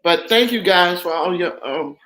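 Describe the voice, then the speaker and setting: An emotional, effusive woman guest talks on a casual livestream. Her voice is bright and forward. It rings in an echoey room. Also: on the low side, lively intonation, a little slow.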